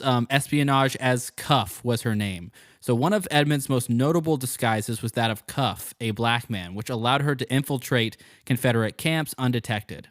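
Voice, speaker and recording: A man's voice: medium pitch, dry recording, studio quality. A man hosting a casual history podcast, reading out narration and joking with his co-host. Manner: laughs easily, joking.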